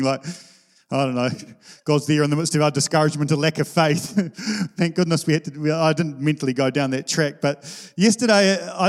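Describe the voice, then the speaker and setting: A man, preaching a sermon to his church in an informal, conversational way. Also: fairly high pitch. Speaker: pastor. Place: church hall. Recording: long reverb of a church hall.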